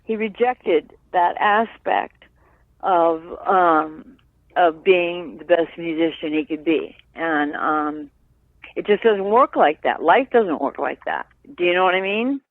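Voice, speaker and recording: A woman guest being interviewed, speaking earnestly and haltingly with many fillers and tag questions like "right?". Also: lowish voice, dry recording. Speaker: guest, sister of a late musician. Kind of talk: candid interview over the phone. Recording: dry tinny phone line.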